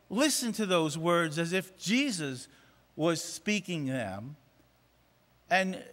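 A man's voice: high voice, a bit bright. A man preaching a sermon, emphatic and repeating phrases for effect. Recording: long reverb of a church hall.

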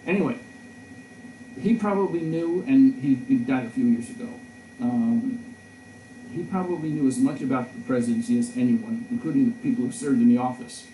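Mellow-voiced male professor in a roomy echo. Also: medium pitch, moderate pace, far from the mic, a little hiss or hum. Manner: discursive, storytelling, frequent restarts. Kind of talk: conversational lecture. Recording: roomy echo, voice a bit off-mic.

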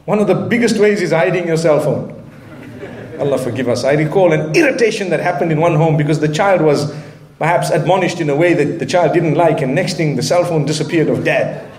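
A man's voice: on the high side, a little fast, a little mellow, reverberant. A man delivering an earnest sermon with Arabic phrases and touches of light humor. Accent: Southern African English. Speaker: preacher.

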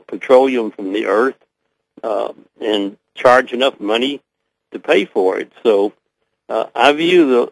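An older man with a Southern US accent speaks as an interview guest over a voice connection. He moves slowly through his thoughts with frequent pauses and fillers. His voice sits at a middle pitch and sounds dry, with no room echo. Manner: hesitant, many pauses and fillers.

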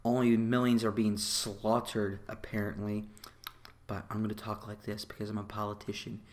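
A smug young queen who speaks in a deep, hushed monotone, as a man mocks her. The drawl is slow and flat and trails off breathily. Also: slight background noise, lightly acted. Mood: mocking. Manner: low, monotone, sleepy drawl.

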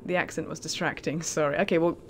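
A woman with a slightly low voice chats through a game on a live stream. She talks casually and pokes fun at herself. Faint noise lingers behind her. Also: steady tone, fast. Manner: chatty, self-mocking.

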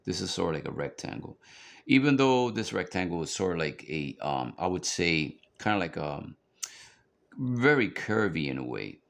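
A man's voice: low-pitched, creaky. A man giving a casual, rambling drawing tutorial, chatty and full of fillers as he works through a book. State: hiccups. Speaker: drawing instructor.

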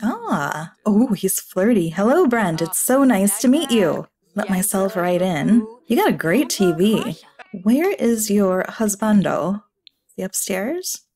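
A woman's voice: mid-range voice, big pitch swings, darkish tone, slightly rough. A woman chatting through a life-sim game, talking to her characters as if they were family and laughing often. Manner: laughs often, quick to exclaim. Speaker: gaming YouTuber. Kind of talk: casual let's-play commentary.

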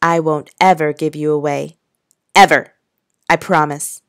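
A woman's voice: fairly even intonation, a little slow, no room sound, studio quality. A woman reading aloud, voicing a stubborn, loyal ten-year-old farm boy in an earnest, pleading tone. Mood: tender. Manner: earnest, pleading, raised high pitch.

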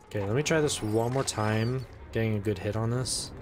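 A man giving casual let's play commentary, excitable, talking to the game and saying "dude" a lot. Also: lowish voice, normal speed, faint music behind. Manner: excitable, talks to the game and its characters.

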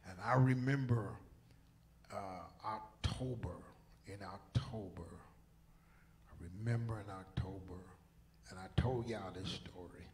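A pastor preaching in a church, with a gravelly, rough edge to his voice. He swings from ringing shouts down to near-whispers, and a faint hiss sits behind him. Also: on the low side, measured pace. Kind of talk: sermon. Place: church sanctuary.

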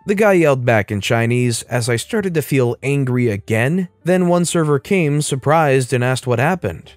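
A man reading an online story aloud as a first-person narrator, in a lively scripted style. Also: mid-range voice, moderate pace, few pauses, no echo, faint music behind.

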